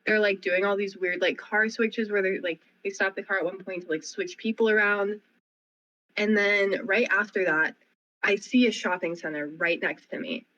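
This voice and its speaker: A young woman co-hosting a casual radio chat, telling a story in an animated, rapid way full of "like". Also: medium pitch, muffled recording, slight background noise. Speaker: co-host. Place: radio studio.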